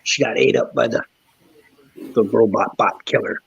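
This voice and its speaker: Chatty trucker man with a husky voice. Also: medium pitch, fairly even intonation, normal speed, no room sound. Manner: chatty, laughs often, breaks into joking voices. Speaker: trucker hosting a live chat stream. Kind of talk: casual live-stream chat, reading and answering comments. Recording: dull lo-fi stream audio.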